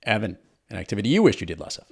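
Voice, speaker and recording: A man hosting a podcast interview, upbeat and jokey, firing off quick questions. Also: lowish voice, sing-song, gravelly, a little mellow, husky. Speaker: podcast host. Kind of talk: casual interview.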